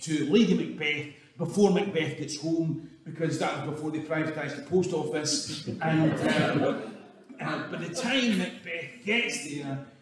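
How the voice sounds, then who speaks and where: A man's voice: fairly high pitch, unhurried. A Scottish man giving an irreverent comic history talk, swearing and chuckling through his asides. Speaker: storyteller. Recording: echoey hall from far off.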